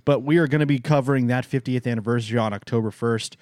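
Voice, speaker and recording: A man's voice: medium pitch, fast talker, a little mellow, no echo, studio quality. A young man co-hosting a podcast in casual chat, playful and jokey, running the sign-off promos. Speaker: podcast co-host.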